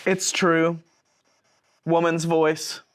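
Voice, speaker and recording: Guy slowly calling out the creepy voices he's hearing, kinda high voice, hissy noisy audio. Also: little pitch movement. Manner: short, startled reports, slow and drawn out. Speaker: paranormal investigator. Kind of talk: reporting what he hears through a device. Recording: noisy night recording.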